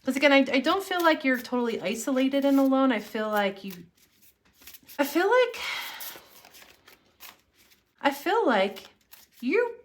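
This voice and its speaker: A woman's voice: high-pitched, big pitch swings, a little slow, pauses often. Earnest woman giving a tarot reading. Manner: earnest, encouraging, speaks straight to the viewer. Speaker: tarot reader. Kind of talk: casual tarot reading to camera.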